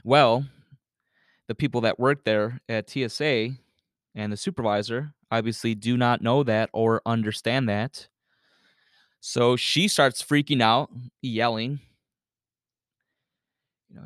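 A man hosts his podcast with a casual, meandering storytelling manner, sprinkling in profanity and "you know" fillers. His voice is smooth and clear at an ordinary pitch. The sound is dry and close, with no room echo. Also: fairly even intonation, takes it slowly, pauses often. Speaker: podcast host.

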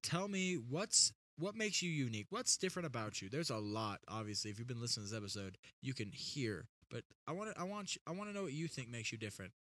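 A man's voice: medium pitch, lively intonation, fast talker, hardly any pauses, fairly bright tone. A man hosting a podcast, chatty and upbeat, encouraging his listeners. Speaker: podcast host. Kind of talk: casual podcast chat.

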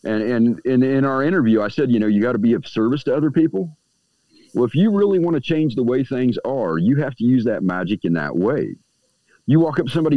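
A man chatting as a podcast guest, his pitch swinging widely as he slips into the voices of people he quotes. He pauses to puff on a cigar between thoughts. The sound is dry and a little muffled, like remote call audio. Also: animated, no room sound. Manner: smokes a cigar while talking. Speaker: guest speaking on magick. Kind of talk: casual podcast conversation.

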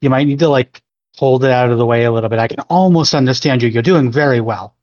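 A man voicing his character in a tabletop game with sarcastic quips. His mid-pitched voice comes through a slightly dull, dry recording. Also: fast, a little mellow, no echo. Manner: joking, sarcastic. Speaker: player.

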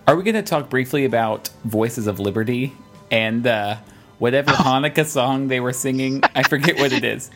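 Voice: mid-range voice, normal speed, fairly bright tone, faint music behind. A podcast co-host in casual chat, asking playful questions and teasing the others.

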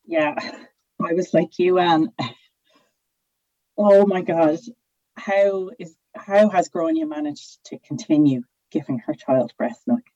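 A woman's voice: on the low side, expressive, takes it slowly, dark tone, no echo, muffled recording. A woman, speaking as a podcast panelist in an emotional, impassioned way and restarting her sentences. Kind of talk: casual podcast discussion.

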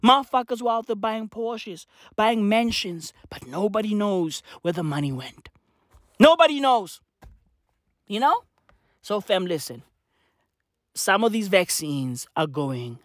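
A woman's voice: medium pitch, animated, slow, pauses often, no room sound, clean studio sound. A woman, a podcaster, ranting casually with lots of swearing and slangy repetition. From South Africa.

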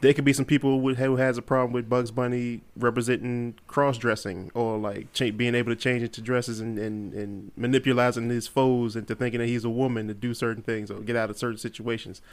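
A man's voice: medium pitch, flat delivery, fairly quick, hardly any pauses, smooth. A man co-hosting a casual podcast, giving opinions and stretching words for emphasis. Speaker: podcast co-host.

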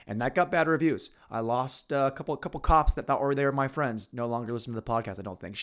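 A man's voice: medium pitch, quick pace, hardly any pauses, fairly bright tone. A man hosting a podcast alone, rambling crudely in a casual monologue with mumbles and restarts, on a podcast mic. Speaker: podcast host. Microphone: podcast microphone.

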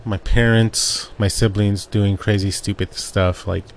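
Talking into his desk mic, a young Arizona man hosts a rambling personal podcast monologue about his family, laughing frequently along the way. His voice sits fairly low and sounds creaky, with fairly even intonation and a slightly slow pace.

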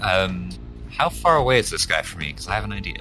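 A man's voice: low-pitched, very animated, fast talker, sharp tone, soft background music. A man playing in a tabletop game, describing his moves casually with many fillers. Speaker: player.

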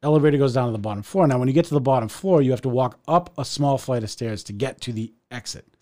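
A man telling a story in casual chat, animated and profane, acting out the people in it. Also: fast. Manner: animated, profane, acts out voices with big pitch jumps. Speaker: podcast co-host telling a story.

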